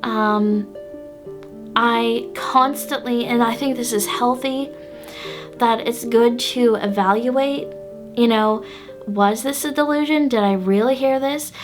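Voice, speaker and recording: A woman with a fairly high voice tells a personal story at an unhurried, slow pace. She talks casually, with plenty of "like" and "um", and breaks into soft laughs now and then. Faint music plays underneath. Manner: chatty, full of "like" and "um", laughs often. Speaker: pagan witch channel host.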